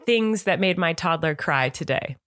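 Animated low-voiced woman telling stories. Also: moderate pace, no room sound, studio quality. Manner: animated storyteller, acts out quotes in a high voice, laughs. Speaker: podcast co-host, parent. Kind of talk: casual chat.

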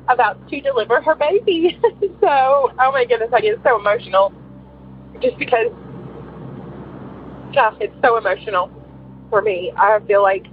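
A woman in her forties calling in to tell a personal story, rambling and emotional with many fillers. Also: mid-range voice. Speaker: caller. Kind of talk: telling a personal story on a call-in show. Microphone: phone. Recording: tinny phone line with faint hiss.

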